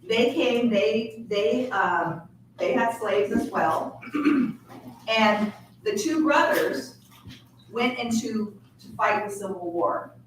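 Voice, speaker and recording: A woman's voice: fairly high pitch, animated, slow pace. Woman telling family history in echoey hall. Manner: chatty, asks the room questions. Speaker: family reunion presenter. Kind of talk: casual family history talk. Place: large room at a family reunion. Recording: echoey hall from far off with noise.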